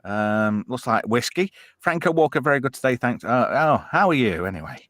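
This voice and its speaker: A man's voice: medium pitch, animated, normal speed, a bit bright, no room sound, clean studio sound. A man with an English accent hosting a casual online chat show, swearing freely, laughing often and reading out viewer comments. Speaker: podcast host.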